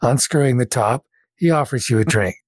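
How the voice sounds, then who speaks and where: A man's voice: mid-range voice, moderate pace. A man narrating as game master of a tabletop game, in vivid, descriptive storytelling.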